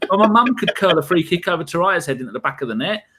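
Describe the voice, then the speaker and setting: A man talking very fast on a casual podcast. He rants with lively energy and swears freely as he goes. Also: high voice, background noise. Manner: fast animated ranting, heavy swearing. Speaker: podcast co-host.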